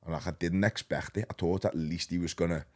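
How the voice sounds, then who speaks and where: A man in his thirties with a Liverpool accent, a podcast guest telling his story in a rambling, animated, slang-heavy way. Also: low voice, a little fast. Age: 30s. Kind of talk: casual storytelling.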